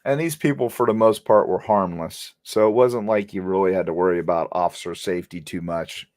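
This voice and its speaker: A middle-aged man, once a police officer, speaks in a deep voice at a fairly quick clip. He tells an anecdote casually and with animation, talking straight to his viewers.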